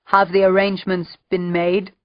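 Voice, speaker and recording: An odd, machine-like villain who is only partly human, cold and commanding, as a woman narrator puts him on with a lowish pitch. He speaks in measured, bossy lines, heard on a dull, dry, lo-fi recording. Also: level tone, dry recording, natural voice. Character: cold part-machine male villain overlord.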